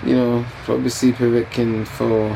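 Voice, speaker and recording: A man's voice: medium pitch, little pitch movement, moderate pace, vocal fry, noisy background. A man being interviewed during fight week, talking in a laid-back, teasing and rambling way.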